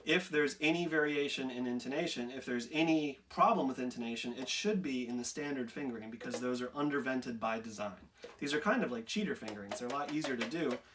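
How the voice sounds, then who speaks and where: A man's voice: medium pitch, fairly quick, a bit bright, distant mic, a little hiss or hum. A man who repairs saxophones for a living, walking through a technical explanation step by step and often checking in with "right?". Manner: methodical, repeats "right?" as a check-in.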